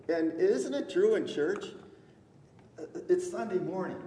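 A man preaching a sermon in a church, talking in a halting, conversational way full of fillers and restarts, with gentle humor. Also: sits high, expressive. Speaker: pastor. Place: church sanctuary. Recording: echoey hall, distant mic.

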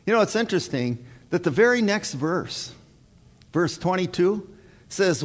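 A man's voice: sits high, very animated, measured pace. A male pastor preaching a sermon to his congregation in an earnest, emphatic way, repeating his key points. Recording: long hall reverb.

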